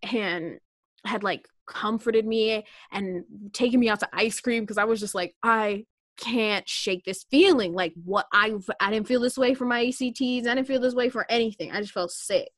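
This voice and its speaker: A young woman co-hosting a casual chat, telling a story in an animated, joking way. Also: on the high side, normal speed, no room sound, clean studio sound.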